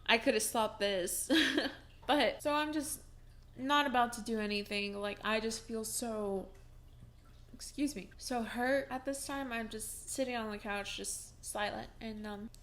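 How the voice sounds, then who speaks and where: A woman's voice: on the high side, a little slow, fairly bright tone. A young woman vlogging from home, telling a personal story in a casual, chatty way with many fillers and restarts, and breaking into laughs as she talks.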